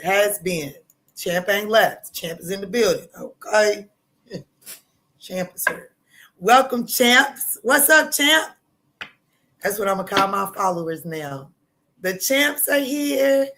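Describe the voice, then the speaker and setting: Woman, tarot reader livestream host, middle pitch, loud, profane, casual chat. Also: takes it slowly. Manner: loud, bold and profane, laughing often, with sudden jumps in pitch.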